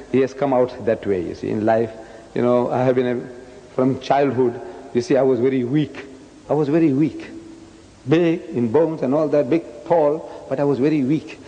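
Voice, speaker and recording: A man in his seventies from South Africa, giving a public lecture in a loud, emphatic voice. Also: on the high side. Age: 70s. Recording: dull lo-fi recording with long hall reverb.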